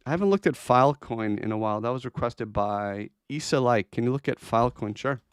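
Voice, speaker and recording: A blunt, chatty man hosting a trading livestream, talking loosely through charts with lots of ums and restarts. His voice is smooth and clear at a middling pitch, close to the mic in a dry, deadened room. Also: fairly quick, no echo. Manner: chatty, blunt, answers chat requests, many fillers and restarts. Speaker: crypto trading livestream host. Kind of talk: casual livestream chart commentary.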